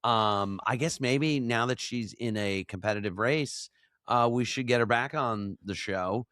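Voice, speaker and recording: A man's voice: medium pitch, measured pace, a bit bright, clean tone, no room sound, studio quality. A man hosting a podcast who leads the conversation with a playful, teasing manner. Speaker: podcast host. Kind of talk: casual chat.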